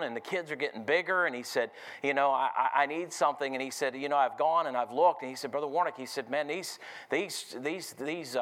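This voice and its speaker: A man's voice: fairly high pitch, fairly bright tone. A man preaching a sermon, telling a story full of "I said" and calling "amen?" to the congregation. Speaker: pastor.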